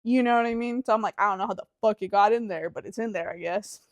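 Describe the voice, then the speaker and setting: Speaking quickly in a medium-pitched voice with no echo, a young woman co-hosting a podcast tells a casual story. She's animated, acts out every quote, and swears and says "like" heavily.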